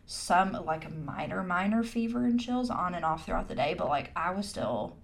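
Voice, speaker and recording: Gravelly Southern woman co-host. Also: on the low side, animated, normal speed. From Texas. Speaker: podcast co-host. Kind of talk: casual chat.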